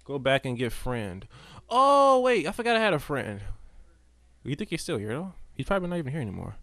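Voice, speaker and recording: A man streams a game and chats along as he plays, answering his viewers and calling out to the characters on screen. His pitch swings a lot. The sound is dry and close to the mic. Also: a little fast, no echo. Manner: animated, chatty, talks to chat and game characters. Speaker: gameplay streamer. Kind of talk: casual live gameplay commentary.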